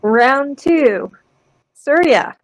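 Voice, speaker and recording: A woman running a tabletop game as dungeon master, calling turns in a brisk, matter-of-fact way. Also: high voice, expressive.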